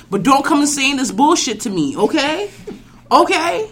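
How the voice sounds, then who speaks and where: A woman's voice: high-pitched, sing-song, normal speed, fairly bright tone. A woman hosting a podcast in casual chat, blunt and profane as she rants. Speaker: podcast host.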